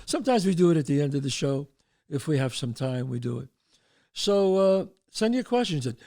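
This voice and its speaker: A man's voice: a little high, fairly quick. A man in his sixties from the Bronx with a New York accent, hosting a show and telling a story from his past, acting out the people in it. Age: 60s. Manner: animated storyteller, shouts out quoted voices. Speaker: show host. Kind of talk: storytelling monologue.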